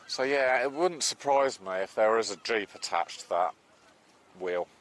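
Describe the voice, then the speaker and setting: Male streamer, lowish voice with a lot of swing, chatty and excitable, faint outdoor sound behind. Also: unhurried, slight background noise. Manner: chatty, excitable, drops to hushed tones. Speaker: live streamer. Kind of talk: casual live-stream chat. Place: outdoors on a beach at low tide.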